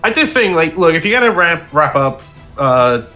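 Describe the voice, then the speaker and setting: A man co-hosts a casual podcast in a bright, tense tone. His pitch is animated, and he hesitates often, filling gaps with "uh" and "like". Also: normal speed, faint music behind. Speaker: podcast co-host. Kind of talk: casual chat.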